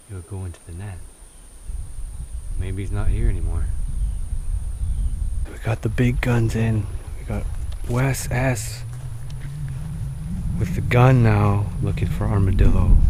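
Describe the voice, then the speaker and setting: A man's voice: on the low side, mellow, a little hiss or hum. A man narrating an outdoor survival vlog, chatty and speaking straight to viewers, outdoors in rural fields at dusk. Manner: chatty, addresses viewers as guys. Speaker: survival challenge vlogger.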